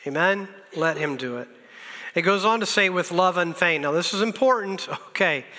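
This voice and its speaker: High, bright-voiced pastor preaching. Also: male voice, expressive, normal speed. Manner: earnest, exhorting, repeats lines for emphasis; self-deprecating humor, chuckles at himself. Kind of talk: sermon. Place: church sanctuary. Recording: reverberant church sanctuary.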